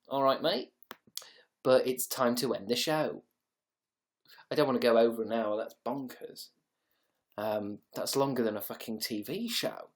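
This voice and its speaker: A young man hosting a casual livestream, rambling and joking as he reads out viewers' comments, with plenty of swearing. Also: medium pitch. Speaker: livestream host.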